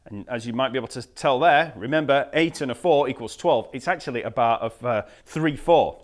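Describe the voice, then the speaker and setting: A man teaching a bass lesson, patiently explaining rhythms, counting beats aloud and scatting the patterns. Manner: relaxed, patient explaining with fillers. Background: bass guitar playing.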